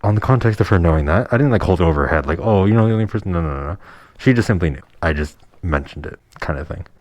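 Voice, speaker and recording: A young man with a deep, low-pitched voice tells a personal story as a vlogger. He talks casually but heatedly, bluntly and with plenty of swearing. The sound is dry, with no room echo. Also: expressive, fast talker.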